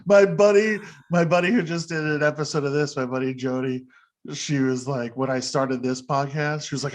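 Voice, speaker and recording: A man's voice: fairly high pitch, expressive, normal speed. A man hosting a podcast in casual chat, rambling and self-deprecating, laughing often. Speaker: podcast host.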